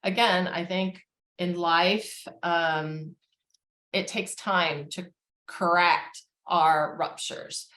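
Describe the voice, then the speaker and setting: A woman therapist giving a calm, measured educational talk on family relationships, with frequent fillers. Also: lowish voice, echoey room.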